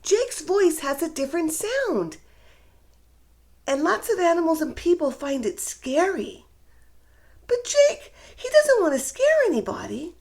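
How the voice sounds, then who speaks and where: A woman hosting a children's reading show and reading a rhyming story aloud with warm, expressive delivery. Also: very high voice, unhurried, creaky. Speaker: children's story reader, host. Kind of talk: read-aloud storytelling for kids.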